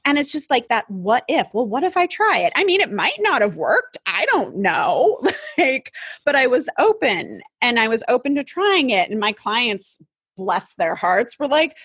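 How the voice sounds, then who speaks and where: Woman guest, lively storyteller, quotes her own thoughts, laughs often, close dry mic. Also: a little high, normal speed, breathy edge, dry recording. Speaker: guest, communication consultant. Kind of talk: casual interview chat. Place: home office.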